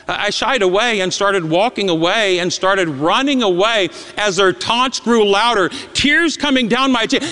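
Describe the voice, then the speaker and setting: High, bright-voiced preacher telling a story. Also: male voice, normal speed, clean tone. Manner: emotional, with stammered repeats and dramatic swings between loud and hushed. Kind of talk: sermon storytelling. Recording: long reverb in a large hall.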